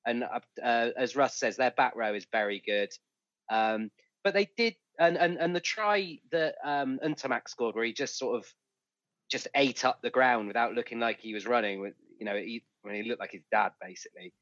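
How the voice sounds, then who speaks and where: Relaxed man on a dry muffled line. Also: medium pitch, moderate pace, dry recording. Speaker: podcast co-host. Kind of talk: casual sports chat. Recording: dry, dull lo-fi sound.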